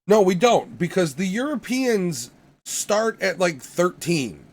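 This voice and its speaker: A man's voice: high-pitched, very animated, takes it slowly, darkish tone. Ranting, profane male podcast co-host. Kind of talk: casual opinionated chat.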